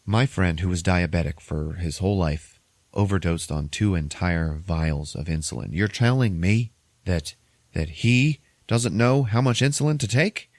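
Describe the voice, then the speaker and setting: A man's voice: deep voice, unhurried, no echo. An upset male company boss lectures insistently, leaning hard on each point, as a man puts him on. His delivery is dry and close to the mic.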